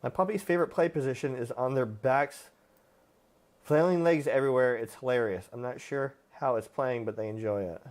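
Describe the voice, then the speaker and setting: A man's voice: mid-range voice, normal speed, darkish tone. A man hosting a live stream, answering viewer questions about dogs in a plain-spoken, casual way with frequent fillers. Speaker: livestream host, dog trainer.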